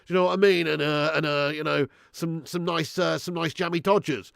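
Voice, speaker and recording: A man hosting a football watch-along stream, reading out chat comments in a blunt, sweary manner and breaking into loud rants. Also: a little high, fast talker, gravelly, few pauses, no room sound, studio quality. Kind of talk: casual live-stream chat.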